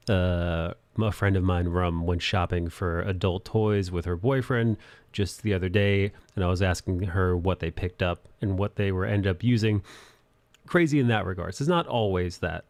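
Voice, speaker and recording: A man's voice: low-pitched, darkish tone. A young man hosting a live drawing stream, chatting loosely, laughing and thanking viewers for their support. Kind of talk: casual live-stream chat. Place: apartment in an old city building.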